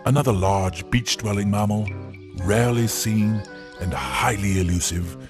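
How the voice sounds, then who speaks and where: A solemn, hushed nature-documentary narrator, as a man puts on the voice, speaks in a low, measured tone for a parody wildlife film. Clear music plays beneath every word. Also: close to an everyday voice.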